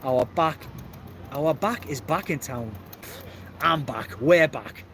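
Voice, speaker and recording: A man with a Geordie accent chats through a live stream outside after a match, slightly high-pitched and easygoing. He laughs a lot and reads out viewer comments, and there is faint city noise behind him. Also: lively intonation, slow pace, a bit bright. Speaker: football channel host reading live comments. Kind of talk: casual live-stream chat.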